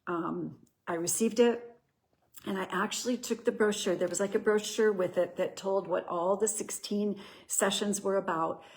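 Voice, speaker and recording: A woman's voice: mid-range voice, fairly even intonation, normal speed, darkish tone. A middle-aged woman hosting a show, sharing a personal testimony in an earnest, conversational storytelling way. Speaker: host.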